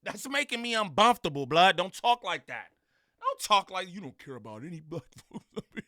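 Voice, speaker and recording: A man giving loud, slangy reaction commentary on video clips, laughing and mimicking the people in them. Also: high voice, sing-song, fairly quick, no echo, studio quality. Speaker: reaction streamer.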